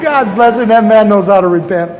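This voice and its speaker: A man with a fairly high voice teaches like a pastor, spinning funny, animated stories and acting out scenes from his own life. He is recorded live in a big hall with long reverb and a faint hiss underneath. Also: brisk, dull audio. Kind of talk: humorous storytelling lecture. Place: large church conference hall.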